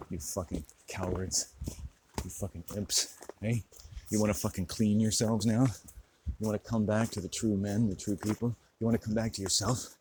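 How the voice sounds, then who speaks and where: A man's voice: fairly low pitch, darkish tone, a little hiss or hum, poor audio. A man delivering a profane, preaching monologue to his camera, smoking and drinking as he talks. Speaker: vlogger.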